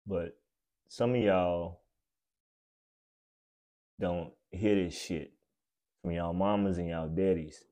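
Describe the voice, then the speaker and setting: A man hosting a podcast, delivering a blunt, profane, preachy comedic rant that swings between loud outbursts and low mutters. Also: fairly even intonation, slow, pauses often. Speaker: podcast host.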